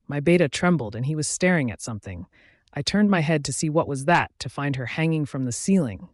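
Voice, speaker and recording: A man's voice: a little high, lively intonation, moderate pace, dry recording, studio quality. A man narrating a first-person audiobook in a dramatic, intense storytelling manner.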